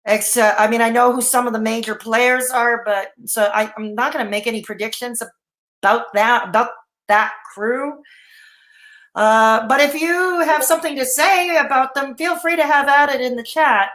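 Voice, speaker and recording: A woman's voice: on the high side, normal speed, fairly bright tone, roomy sound. Rambling woman streamer with hiccups. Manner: rambling, frequent fillers and restarts. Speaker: live stream host. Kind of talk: casual live-stream chat reading viewer comments.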